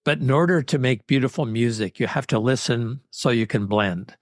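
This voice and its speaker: A man hosting a podcast interview who muses thoughtfully, often pausing to search for his words. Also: medium pitch, no room sound, clean studio sound. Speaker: podcast host. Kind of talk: reflective interview chat.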